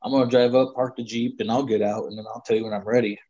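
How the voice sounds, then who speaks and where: A middle-aged man, a guest storyteller, rambles through a long personal hunting story in casual conversation, full of fillers. His mid-range voice is flat and dark, moving at a quick pace. The lo-fi recording sounds slightly dull.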